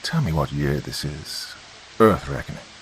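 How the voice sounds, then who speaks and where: A man's voice: sits low, animated, moderate pace, a little hiss or hum, low-quality recording. A man voicing an imperious, shaken time traveler. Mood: tense, imperious. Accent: odd, unfamiliar accent. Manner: imperious, distraught. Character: shaken, haughty man from the past.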